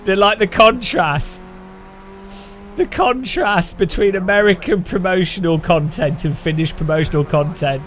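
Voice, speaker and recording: A man's voice: high-pitched, unhurried, a bit bright. A man chatting casually on a gaming stream, laughing and grumbling at the game. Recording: light music behind.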